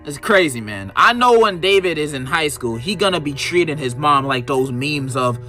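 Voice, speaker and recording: High, animated man doing mock-outraged commentary. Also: moderate pace, faint music behind. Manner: mock-outraged, sarcastic, exaggerated. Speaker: video narrator reviewing a book. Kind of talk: comedic scripted commentary.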